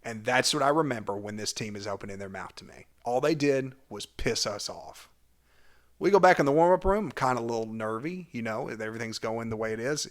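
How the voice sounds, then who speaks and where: A young man telling a personal story about his school cheer days, vividly and animatedly, his loudness rising and falling with the tale. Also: medium pitch, fairly quick. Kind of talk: storytelling vlog.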